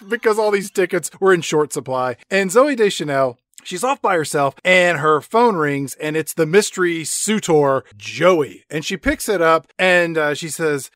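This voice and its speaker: Co-host guy, sarcastic movie recap, slightly high bouncy voice, dry mic. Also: unhurried, no room sound. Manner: sarcastic, deadpan joking. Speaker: podcast co-host. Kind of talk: casual comedic movie recap.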